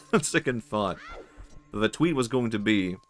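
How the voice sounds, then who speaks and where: A man with a Swedish accent and a lowish voice streams a game, offering casual gameplay commentary in a very animated but unhurried way. He rambles, jokes, and laughs often, with faint music playing behind him.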